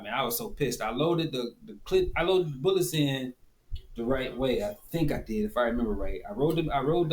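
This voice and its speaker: A man with a Detroit accent telling a rambling, profane story and casually showing how something works. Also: mid-range voice. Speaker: video host. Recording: echoey room, faint background noise.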